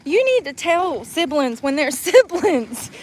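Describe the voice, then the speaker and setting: A woman's voice: high-pitched, big pitch swings, measured pace, poor audio. A woman in her forties chatting casually while driving, rambling and laughing through her words. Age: 40s. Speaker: vlogger. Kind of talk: casual chat.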